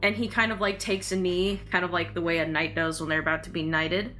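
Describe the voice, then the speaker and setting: A woman's voice: on the low side, flat delivery, a little fast, pushed and bright, soft background music. A woman acting as dungeon master, narrating a tabletop game in a chatty way with lots of fillers. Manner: chatty narration full of likes and uhs.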